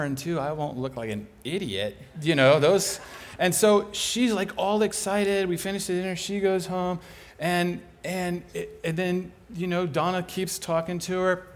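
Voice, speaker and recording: Animated higher-voiced male preacher. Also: a little slow. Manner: animated, chuckling storyteller. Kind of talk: sermon storytelling.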